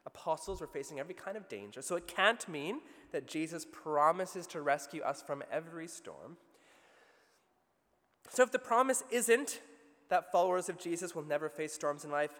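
A man with an Australian accent preaching a sermon, telling the story with vivid asides and a lively, expressive delivery. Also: a little high, big-room sound.

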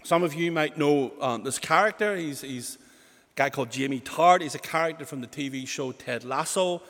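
A man's voice: fairly high pitch, normal speed, a bit bright. A man preaching a sermon in a church, full of rhetorical questions and "you know" fillers. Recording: long hall reverb.

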